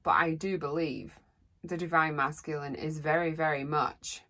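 A woman's voice: low-pitched, steady tone, normal speed, fairly bright tone. A woman giving a rambling, heartfelt tarot reading as a psychic. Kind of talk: solo tarot reading monologue.

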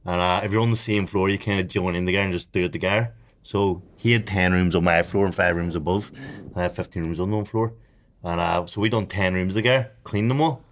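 A man's voice: low-pitched, fairly even intonation, quick pace. A young man, telling a story as a podcast co-host, with lots of swearing and laughter. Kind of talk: casual chat, storytelling.

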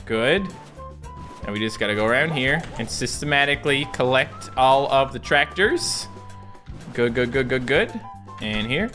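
Chatty young man commenting on a game. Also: mid-range voice. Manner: chatty, rambling asides to viewers. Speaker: let's play host.

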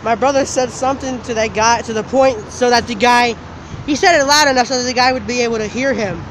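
A man casually telling a story for his vlog outdoors, animated and laughing, swearing now and then. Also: very high voice, fast. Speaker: vlogger. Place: outdoors, walking in the open. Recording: outdoor noise from traffic.

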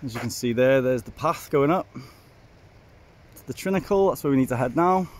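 A man's voice: mid-range voice, expressive, moderate pace. Welsh guy talking to his phone on a hike, out of breath, lots of wind behind. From Wales. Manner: chatty, self-mocking, keeps calling viewers folks. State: out of breath from climbing. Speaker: hiking vlogger. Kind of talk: casual vlog narration while hiking. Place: outdoors on a hillside trail. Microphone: handheld phone. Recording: outdoor wind and ambient noise.

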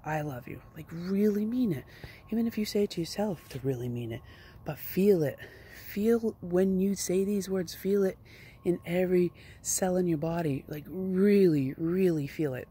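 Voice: medium pitch, normal speed, warm tone, breathy edge. A self-help vlogger speaking outdoors at a rural home, giving an earnest, playful, coaxing motivational talk.

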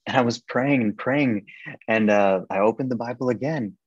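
A young man giving a personal faith testimony as a podcast guest in a casual, animated way, full of "like" and "um". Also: normal speed, slightly rough, dry recording. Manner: animated, acts out quoted voices with sharp rises in pitch; casual, many "like" and "um" fillers. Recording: dry, slightly dull podcast recording.

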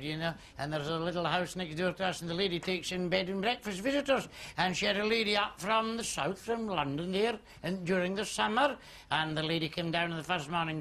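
A Scottish comedian with a high, gravelly voice spins his jokes in a chuckling, easygoing way. He sprinkles in little asides as he builds up to each punchline, sounding like a middle-aged storyteller working a crowd. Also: bright, forceful tone. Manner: chuckling storyteller, fillers like "you see". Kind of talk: telling jokes to an audience.

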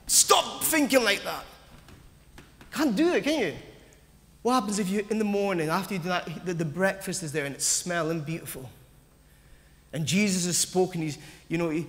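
Male pastor, sermon delivery; emphatic, repetitive, higher-pitched, recorded in an echoing church hall. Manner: emphatic, repetitive, asks the congregation questions.

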